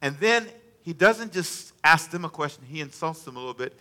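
A male preacher giving a lively sermon, calling out questions to the congregation and acting out dialogue with sudden drops and rises in volume. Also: a little high, brisk. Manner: animated, call-and-response with congregation; acts out dialogue with varied volume.

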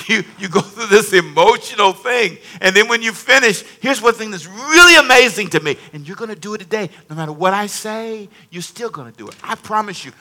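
A man preaching a lively sermon as a pastor, talking back and forth with his congregation. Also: high-pitched.

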